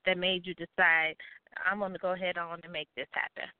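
A woman's voice: fairly low pitch, little pitch movement, brisk, clear, resonant tone, dry recording. A woman hosting a talk show, chatting casually with playful asides. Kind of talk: casual chat. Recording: phone line.

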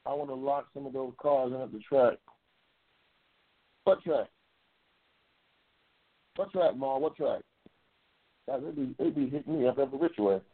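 A man hosting a casual live-stream chat, loose and excitable, repeating himself and reading viewer comments. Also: moderate pace, pauses often. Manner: loose, excitable, repeats himself, bursts into high-pitched race calling. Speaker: talk show host reading viewer comments. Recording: tinny phone-like lo-fi audio.

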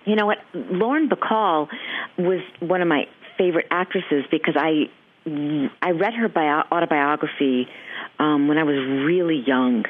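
Middle-aged woman from New England, voice actress guest; animated chatty delivery, frequent laughs, phone-line sound. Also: sits low, unhurried, slight background noise. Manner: chatty, animated, laughs often, many restarts. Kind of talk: casual interview chat. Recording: tinny phone-line audio.

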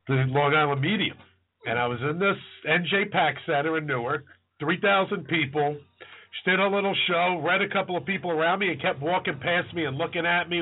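Animated storytelling man, tinny audio. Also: fairly high pitch. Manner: animated storyteller, acts out quoted voices. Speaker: podcast co-host. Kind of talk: casual chat. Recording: tinny phone-like audio with faint music.

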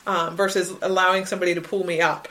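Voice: mid-range voice, little pitch movement, fast, sharp tone, rough recording. A podcast co-host in a casual theology talk, speaking conversationally with many fillers.

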